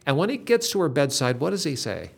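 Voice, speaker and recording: A man's voice: on the high side, fast, creaky, breathy edge. Older guy telling a faith story, earnest and dramatic, sound goes up and down a lot. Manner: earnest, dramatic retelling with lively shifts in emphasis.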